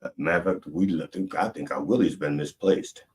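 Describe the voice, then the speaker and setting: A man preaching a comic mock sermon, rambling and deadpan, with many fillers and restarts. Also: low voice, fairly quick, a little hiss or hum.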